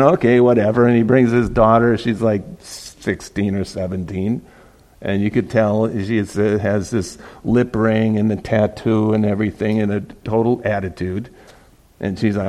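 A middle-aged male pastor preaching in a loose, chatty way, with a mellow, warm tone. He laughs easily and stumbles over repeated words mid-thought. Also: lowish voice, little pitch movement, moderate pace. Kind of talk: casual sermon.

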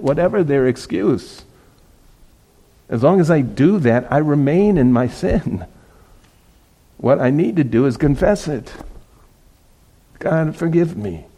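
A middle-aged male pastor preaching in a loose, chatty way, with a mellow, warm tone. He laughs easily and stumbles over repeated words mid-thought. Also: mid-range voice, expressive, normal speed. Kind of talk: casual sermon.

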